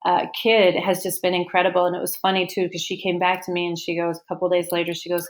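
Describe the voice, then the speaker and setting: A woman with a low, gravelly voice tells a personal story as a podcast guest. She speaks with open, heartfelt emotion and acts out the people in her story, and at times she is close to tears. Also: monotone, quick pace, few pauses. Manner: heartfelt, openly moved, retelling with quoted dialogue. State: tearful at times. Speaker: teacher and parent guest.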